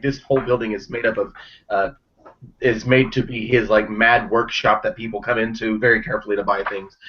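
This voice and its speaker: A man's voice: mid-range voice, fairly bright tone. Guy gm narrating the scene, chill and laughy, muffled lo-fi audio. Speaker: game master. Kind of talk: narrating a tabletop game. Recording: dull lo-fi sound.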